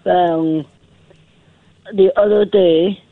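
A Scottish man phones in to a radio show, speaking in a halting, hesitant way. His fairly high voice comes over a tinny phone line and sounds dry and close. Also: fairly even intonation, vocal fry, dry recording. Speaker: caller.

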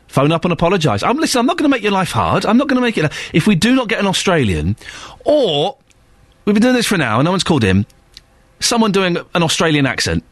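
A man's voice: high voice, huge pitch swings, quick pace, no room sound. A man hosting a radio show, joking and mock-indignant in a playful studio patter. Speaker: radio host. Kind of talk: jokey radio banter. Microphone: studio microphone.

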